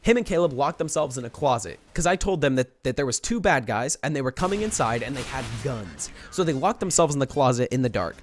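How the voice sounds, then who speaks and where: Young dude doing a storytime video, talks super fast, keeps restarting and piling on details. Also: male voice, medium pitch, faint music behind. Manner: animated, rambling retelling with restarts. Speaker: vlogger. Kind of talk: storytime vlog.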